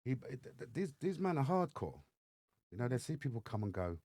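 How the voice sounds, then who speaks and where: A man with an English accent, a podcast guest telling his life story in lively fashion and acting out the voices of others. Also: medium pitch, a little fast, dry recording. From England. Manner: animated storyteller acting out dialogue. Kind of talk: storytelling interview. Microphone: studio microphone.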